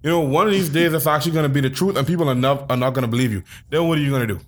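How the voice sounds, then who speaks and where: A man's voice: fairly high pitch, very fast. A man co-hosting a podcast in casual chat, talking emphatically and animatedly. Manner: animated, emphatic, laughs a lot. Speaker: podcast co-host.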